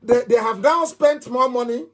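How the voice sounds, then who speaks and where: A man's voice: very high-pitched, moderate pace, fairly bright tone, faint music behind. A middle-aged man with a Nigerian accent giving a fiery live radio address, emphatic and repeating phrases like a chant. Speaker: movement leader on radio.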